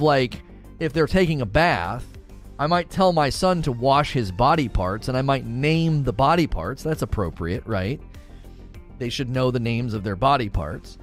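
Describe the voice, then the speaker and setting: A medium-pitched man in his thirties, who is a father, answers questions in casual chat with blunt opinions. He frequently restarts his sentences.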